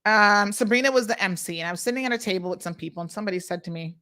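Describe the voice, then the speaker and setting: A woman's voice: mid-range voice, expressive, racing, few pauses, sharp tone. Outspoken woman hosting live commentary. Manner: outspoken, emphatic, addresses viewers directly. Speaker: host of a talk show. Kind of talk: unscripted live commentary, reading viewer comments.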